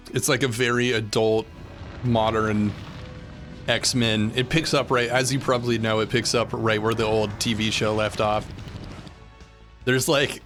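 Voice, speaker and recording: A man's voice: medium pitch, a bit bright. Rambling, laid-back male game streamer. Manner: rambling, loose, full of "like" and "uh". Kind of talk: casual live-stream chat while gaming.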